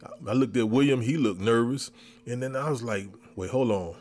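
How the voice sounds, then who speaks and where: A man hosting a podcast, telling a comic story with lively re-enactments of his own reactions. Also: mid-range voice, a little fast. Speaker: podcast host. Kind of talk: comedic storytelling.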